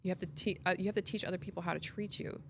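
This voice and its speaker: A woman's voice: on the low side, steady tone, very fast, creaky, slight background noise. A woman hosting a podcast, talking in an earnest, reflective way and often restarting her sentences. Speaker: podcast host. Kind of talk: casual conversational interview.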